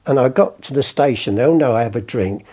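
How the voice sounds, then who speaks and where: A man's voice: mid-range voice, animated, fast, warm tone. An older man from England, a chatty raconteur telling anecdotes in an interview and acting out the voices in his stories. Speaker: artist and storyteller guest.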